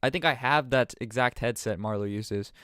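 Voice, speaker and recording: A man's voice: mid-range voice, moderate pace, no echo. A young man streams a live reaction, chatting loosely to his viewers in slang and tossing "bro" into nearly every line. His voice sits in an ordinary middle range. The sound is close and dry, with no room around it. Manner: slangy, says bro constantly, swears, excitable. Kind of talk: casual live reaction chat.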